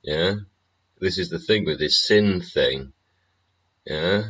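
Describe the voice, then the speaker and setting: Deep husky man ranting. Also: slow, a bit bright. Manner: profane, ranting, full of tag questions. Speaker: livestream host. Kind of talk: rambling livestream monologue. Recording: muffled lo-fi stream audio.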